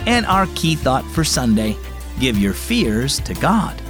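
Over music, a man hosting a children's devotional program narrates a scripted story in an expressive read-aloud style. His voice is medium in pitch and his pace is slow.

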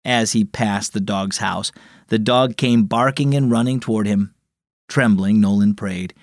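A man hosting a children's devotional program, narrating a scripted story with an expressive read-aloud manner. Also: on the low side, unhurried, no echo, clean studio sound.

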